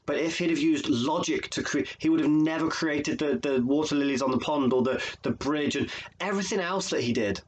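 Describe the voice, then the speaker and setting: A man's voice: a little high, a little fast, husky, low-quality recording. A man from England, a life coach, talking earnestly and emotionally to camera, often repeating phrases for emphasis. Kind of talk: motivational video monologue.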